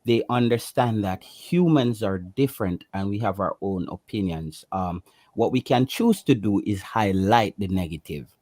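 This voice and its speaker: A man's voice: fairly low pitch, normal speed, darkish tone, no room sound. A passionate Jamaican man co-hosting a casual livestream chat, emphatic and given to repeating himself. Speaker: co-host.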